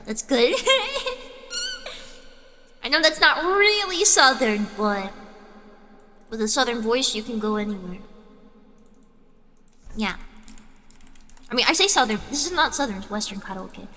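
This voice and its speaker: A woman's voice: a little high, animated, a little slow, pauses often, sharp tone, long reverb tail. A woman hosting a livestream in casual chat, rambling and giggling often between thoughts. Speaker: streamer host.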